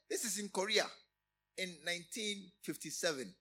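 A middle-aged man preaching a sermon, emphatic, often repeating and restarting phrases with sudden rises in loudness. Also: on the high side, big pitch swings, a little slow, husky. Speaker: pastor.

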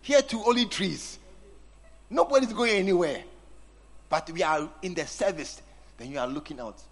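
A man's voice: sits high, lively intonation, moderate pace. A man preaching a sermon, teasing and acting out scenes with his congregation. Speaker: pastor.

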